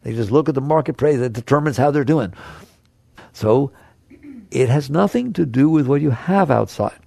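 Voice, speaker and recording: A man's voice: medium pitch, moderate pace, vocal fry, warm tone, no room sound. A man giving a conversational spiritual talk to a live audience. He asks the listeners questions and playfully acts out the chatter of the mind. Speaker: spiritual teacher.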